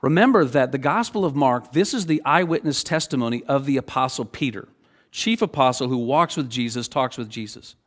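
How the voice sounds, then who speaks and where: A middle-aged man preaching a sermon as pastor, talking in a loose, animated, conversational way and often checking in with "okay?". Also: mid-range voice, fairly quick.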